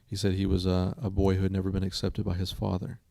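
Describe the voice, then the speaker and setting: A man's voice: low-pitched, completely flat delivery, fast, vocal fry, mellow, no echo, clean studio sound. A man co-hosting a casual talk show who tells stories in an earnest, rambling way. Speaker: co-host. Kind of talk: casual chat.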